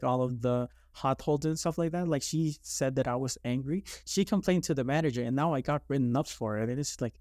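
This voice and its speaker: A man's voice: mid-range voice, a little mellow, no room sound, clean studio sound. A young man from Canada telling his story in a casual podcast chat, rambling with lots of likes and restarts. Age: young adult.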